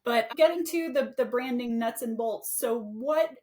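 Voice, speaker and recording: A woman's voice: a little high, unhurried, a little mellow. A woman hosting an interview, friendly and affirming, asking conversational questions. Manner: friendly, affirming, with many backchannels. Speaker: interview host.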